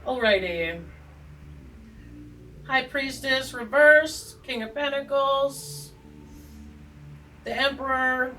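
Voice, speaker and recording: The tarot host's voice is high-pitched, pushed and bright as she rambles along, joking, poking fun at herself and adding plenty of asides. The mic sits at a distance, the recording is rough, and faint music plays behind her.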